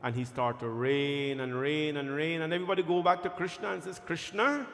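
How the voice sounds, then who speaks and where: A man's voice: a little high, steady tone, brisk. A man, a temple pandit giving a sermon and chanting Sanskrit verses with growing fervor. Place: temple hall. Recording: echoey temple hall with music.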